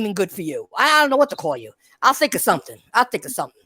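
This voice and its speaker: A woman's voice: mid-range voice, big pitch swings, racing, bright, forceful tone, husky, no echo. A woman hosting a podcast, ranting bluntly with profanity and repeated direct addresses to her listeners. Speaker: podcast host. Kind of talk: heated casual podcast rant.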